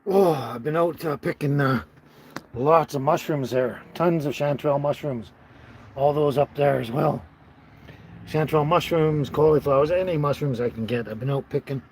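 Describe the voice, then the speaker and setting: A man's voice: a little high, moderate pace, a little mellow, slight background noise, poor audio. A man hosting a casual live stream from inside his camper, rambling, laughing often and greeting viewers by name.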